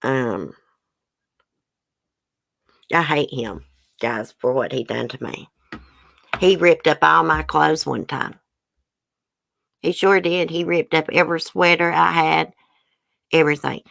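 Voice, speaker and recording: A woman's voice: low voice, slow, gravelly, pauses often, a bit bright, no echo. A woman speaking candidly to her viewers as a channel host, emotional and close to tears, with frequent ums. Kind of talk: casual personal talk to viewers.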